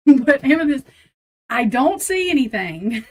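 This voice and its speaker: A high-pitched woman hosting a live tarot reading, talking straight to her viewers in a loose, casual way. She sounds flustered and giggly, and laughter breaks into her lines as she goes. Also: big pitch swings, normal speed. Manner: talks straight to viewers and chat. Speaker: tarot reader on a live stream.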